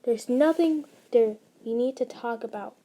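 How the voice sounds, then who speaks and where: A woman's voice: fairly high pitch, unhurried, mellow. A woman reading the lines of a hurt, guarded young woman who talks in a curt and defensive way. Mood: upset. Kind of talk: audio fanfiction reading.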